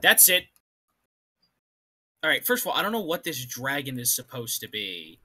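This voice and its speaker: Sarcastic young man with a lively, husky voice. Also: mid-range voice, moderate pace. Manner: exasperated, sarcastic quips. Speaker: co-host commentating on fanfiction. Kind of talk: casual sarcastic commentary.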